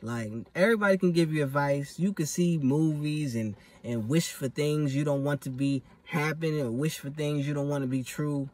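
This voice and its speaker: A man's voice: a little high, moderate pace, hardly any pauses, darkish tone, recorded from a distance. A young man talking in a casual vlog monologue, emphatic and profane, full of street slang. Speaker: vlogger.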